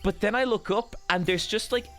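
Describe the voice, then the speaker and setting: A man with an Irish accent hosting a podcast, telling an embarrassing story in a casual, animated, self-deprecating way and swearing freely. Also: high voice, brisk, soft background music. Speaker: podcast host.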